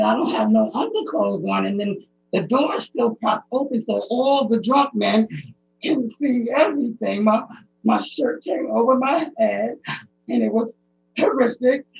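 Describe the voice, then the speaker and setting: A middle-aged woman from the United States giving emotional, pleading personal testimony as a public commenter, her speech halting. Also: on the high side, gravelly, darkish tone. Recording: dull lo-fi recording.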